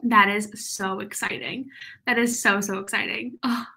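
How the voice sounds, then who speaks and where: At a measured pace, a woman with a medium-pitched, creaky, sharp voice and fairly even intonation runs a writing-sprint livestream. Reading live comments, she chats casually and a little breathlessly, with frequent laughter and plenty of "like."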